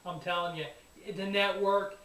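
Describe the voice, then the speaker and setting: A man hosting a sports show, recapping a wrestling event in an excitable, rambling, profane way. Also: high voice, moderate pace. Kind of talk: casual wrestling review. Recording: echoey room, voice a bit far from mic.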